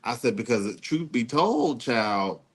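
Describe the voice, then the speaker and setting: A man dishes opinions in a sassy, animated way. He slips into mocking impressions and sings snatches of tunes. His voice sits at an everyday middle pitch. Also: takes it slowly, husky. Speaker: podcast co-host. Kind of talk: casual commentary chat.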